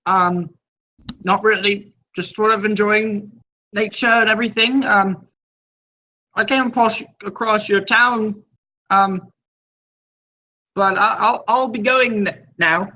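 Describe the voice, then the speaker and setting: Guy playing an awkward adventurer, slow and halting, bright tone. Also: high voice, steady tone, dull audio, voice pushed up, exaggerated voice. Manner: hesitant, halting, full of fillers.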